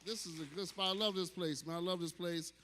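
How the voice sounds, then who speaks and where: A man hosting a comedy open mic, hyping the crowd with loud, profane banter. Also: sits high, fairly even intonation, fast talker, a little hiss or hum. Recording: reverberant bar hall.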